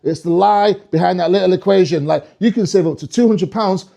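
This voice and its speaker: A man from the UK performing a live stand-up comedy set, animated and swearing, with a stage mic in a comedy club. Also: sits high, brisk, creaky. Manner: animated, swearing, slips into mock French voices.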